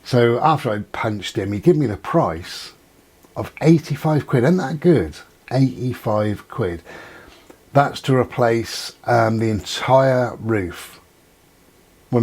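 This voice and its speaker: A man's voice: lowish voice, slow pace, husky. A man talking casually to camera, telling rambling anecdotes and acting out what he and others said. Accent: not local to Dorset. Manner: chatty storyteller, acts out quoted exchanges. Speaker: vlogger. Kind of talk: casual monologue.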